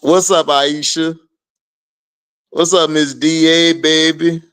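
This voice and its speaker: Slow-talking man streaming game commentary. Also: on the high side, smooth. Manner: slangy, laughing, animated trash talk. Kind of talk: casual live watch-along commentary.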